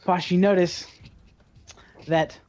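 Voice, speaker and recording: A man's voice: high voice, fairly even intonation, slow, darkish tone. A man narrating as game master of a tabletop game, in loose, hesitant speech full of fillers. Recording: dull lo-fi recording.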